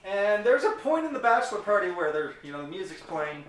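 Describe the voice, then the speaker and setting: A man hosting a loose podcast and telling rowdy stories among friends, profane and quick to laugh. His voice is bright and lively, and it swings up and down. He sounds roomy and set back from the mic. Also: sits high, far from the mic, slight background noise. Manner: animated, profane, laughs often. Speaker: podcast host. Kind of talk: casual storytelling among friends. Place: patio with friends.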